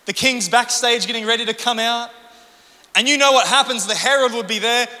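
A man's voice: extremely high pitch, brisk, bright, forceful tone. A man preaching a sermon from a church stage, telling a personal story and building to emphatic preaching. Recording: long reverb of a church hall.

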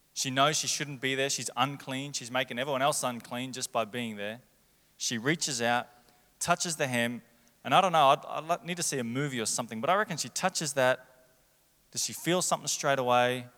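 A man's voice: mid-range voice, normal speed, bright, forceful tone. A man preaching a sermon in a church, telling the story in a conversational way and acting out the voices he quotes. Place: church hall. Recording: long hall reverb.

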